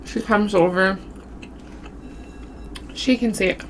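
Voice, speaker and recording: A woman vlogger casually telling a spooky story while eating, with a runny nose and an animated, drawn-out way of talking. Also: medium pitch, slight background noise. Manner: animated storytelling with southern-style "y'all". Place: home, eating on camera.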